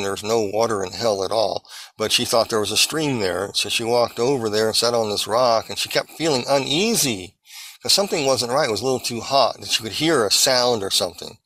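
A man earnestly recounting a vision as testimony, halting and restarting as he searches for words. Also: fairly low pitch, sharp tone, no echo, rough recording.

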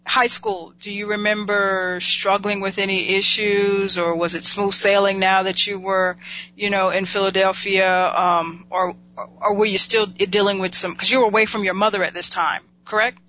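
A woman's voice: mid-range voice, flat delivery, moderate pace, sharp tone. A woman hosting a casual interview, supportive, answering often with "okay". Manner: supportive, many "okay" acknowledgements. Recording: dull lo-fi sound with faint hum.

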